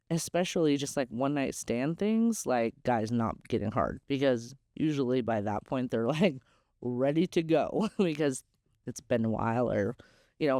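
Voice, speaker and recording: A woman's voice: extremely low pitch, mellow, no room sound, studio quality. Candid chatty woman podcast host. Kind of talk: casual storytelling.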